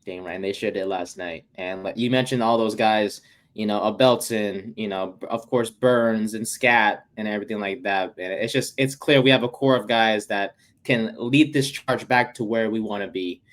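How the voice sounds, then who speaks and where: A man co-hosting a sports podcast, chatting casually with lots of fillers and sudden bursts of excitement. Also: lowish voice, moderate pace. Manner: excitable, many fillers, bursts of loud enthusiasm. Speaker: podcast co-host.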